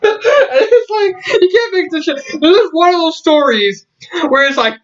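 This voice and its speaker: A man's voice: very high-pitched, lively intonation, moderate pace, a bit bright. A man casually reviewing a story, laughing often in disbelief and using many fillers. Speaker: fan fiction reviewer. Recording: dull lo-fi audio.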